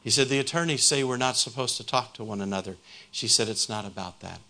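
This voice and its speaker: A man's voice: mid-range voice, fast, vocal fry, pushed and bright. A man preaching a sermon, retelling a conversion story and building to a fervent appeal.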